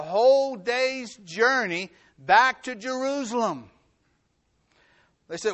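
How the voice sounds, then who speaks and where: A middle-aged male pastor delivering a sermon in a voice that sits high for a man. His pitch rises and falls widely as he preaches. He hammers his points home by repeating them and swings between loud, emphatic lines and hushed ones. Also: lively intonation, slow, long pauses.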